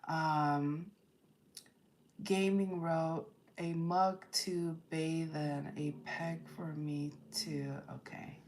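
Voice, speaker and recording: Slow, firm woman livestream host. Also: low-pitched. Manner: slow and deliberate, firm about chat rules. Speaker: tarot reader hosting a livestream. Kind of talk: casual livestream chat, reading out viewer comments.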